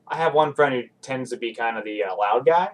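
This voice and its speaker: A man's voice: medium pitch, brisk, far from the mic, low-quality recording. Podcast guest, male, rambling self-deprecating storyteller, sounding slightly off-mic. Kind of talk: casual storytelling.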